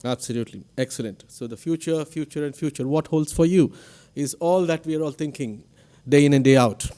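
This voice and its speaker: At a podium mic in a ceremony hall, an institute director with an Indian English accent gives a formal commencement speech and poses questions to the audience. He speaks briskly in a slightly high voice with a dark, clean tone.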